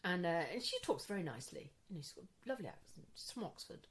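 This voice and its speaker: A middle-aged woman co-hosting a podcast, chatting expressively and reacting loudly to her friend's stories. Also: lowish voice, fast talker. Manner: expressive, reacts loudly, mimics posh voices. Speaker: podcast co-host. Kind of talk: casual chat.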